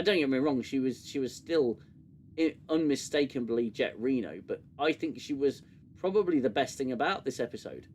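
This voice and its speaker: A man's voice: on the high side, a little hiss or hum. A man hosting a casual review livestream, sarcastic and rambling with many fillers. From United Kingdom. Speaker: show host.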